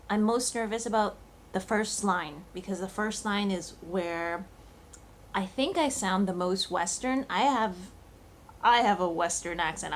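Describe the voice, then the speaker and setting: A woman chats straight to camera in a loose vlog style, circling back on her thoughts with frequent fillers and false starts. Her pitch sits in an ordinary middle range, with a faint hiss of background noise beneath. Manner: chatty, thinking aloud with many fillers and restarts. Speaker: cooking channel host. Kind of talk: casual vlog chat.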